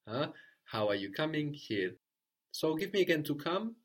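A man's voice: a little high, sing-song, moderate pace, husky. Patient man teaching a language lesson. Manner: patient, prompts and corrects, often ends with "no?". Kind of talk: guided spoken language lesson.

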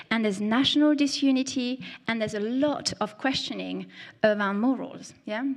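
A woman's voice: medium pitch, creaky. A woman with a French accent giving a conversational sermon, often checking in with the listeners. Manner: conversational, often tags "yeah?". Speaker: preacher.

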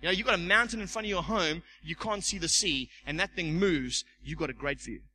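A man preaching a sermon as pastor, animated, stumbling over repeated words and acting out the voices he quotes. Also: on the high side, a little fast, a little hiss or hum, rough recording. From South Africa.

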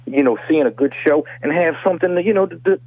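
Fast-talking slangy man, guest. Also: a little high, dry recording, narrow, tinny audio. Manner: slangy, repeats "dawg" and "you hear me". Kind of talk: casual comedic chat.

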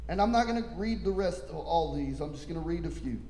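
A man preaching an impassioned sermon, reading scripture slowly and building to shouts. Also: on the high side, lively intonation, echoey room.

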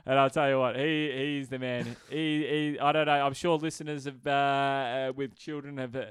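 A man's voice: medium pitch, steady tone, normal speed, clear, resonant tone, no room sound, studio quality. A young man co-hosting a podcast, talking casually, swearing, laughing and telling stories, with "mate" in every other sentence. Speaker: podcast co-host. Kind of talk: casual chat.

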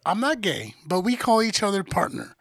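A man's voice: high-pitched, big pitch swings, moderate pace, gravelly, a bit bright, husky, no room sound. A man hosting a podcast in casual banter, laid-back and slangy, with joking interjections.

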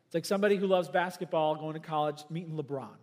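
A man preaches a sermon in a church, his voice sitting high and rising sharply when he presses a point. He swings between loud emphatic bursts and soft, low asides. The sound rings out with a long hall reverb. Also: fast talker. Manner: emphatic preaching with big swings in pitch and volume. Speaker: pastor.

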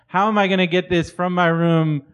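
A man's voice: sits high, little pitch movement, a little fast, clean tone. A young man in casual comedic podcast chat, laid-back, laughing along and giving short replies.

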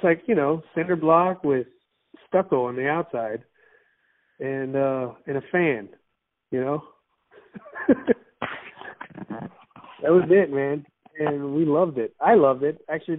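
A man's voice: fairly high pitch, unhurried, pauses often. A man from Miami chatting casually, rambling with restarts and frequent laughs. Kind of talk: casual chat. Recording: tinny phone-like line.

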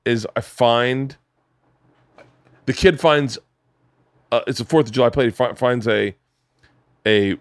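Animated storytelling man, dry studio sound. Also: medium pitch, unhurried, pauses often, dry recording. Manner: animated, swearing, acts out voices while telling stories. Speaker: podcast host. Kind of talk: casual chat, storytelling. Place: home podcast studio.

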